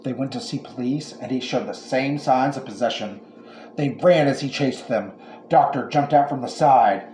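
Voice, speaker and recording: A man narrating a comic horror story in a dry, deadpan manner. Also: mid-range voice, normal speed, a little hiss or hum. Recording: echoey room with faint ambience.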